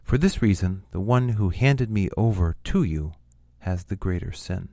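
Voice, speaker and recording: A man voicing a calm, solemn Jesus in a scripture reading, speaking low and subdued. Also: moderate pace, vocal fry, dry recording.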